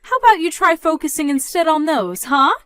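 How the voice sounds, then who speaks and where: A woman's voice: animated, fairly quick, dry recording. A woman voicing a scornful, controlling middle-aged mother who mocks and scolds in a dramatized story. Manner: mocking, loud, rising in pitch when scolding.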